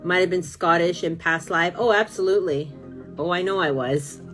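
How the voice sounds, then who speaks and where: A woman's voice: lowish voice, normal speed, fairly bright tone, faint music behind. A woman from California, chatting casually on a live stream, rambling and gushing with lots of fillers as she answers viewer comments.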